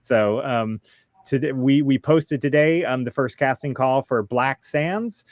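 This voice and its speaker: A man hosting a casual panel chat, halting with many ums and nervous laughs. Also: mid-range voice, no echo, muffled recording. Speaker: podcast host.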